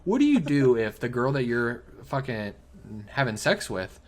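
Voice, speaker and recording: Animated young man telling stories. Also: mid-range voice, moderate pace. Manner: animated storyteller, swearing, laughing often. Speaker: podcast co-host. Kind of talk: casual chat.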